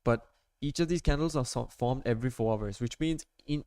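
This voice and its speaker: A man walks viewers through his trading charts in a casual, meandering way, constantly checking in with "right?" and "okay?". His voice is smooth and clear. The sound is dry and close, with no room echo. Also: mid-range voice, a little fast, mellow. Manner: rambling, full of "like" and "right?", talking to viewers. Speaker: amateur trader showing his charts. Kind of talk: casual screen-share tutorial.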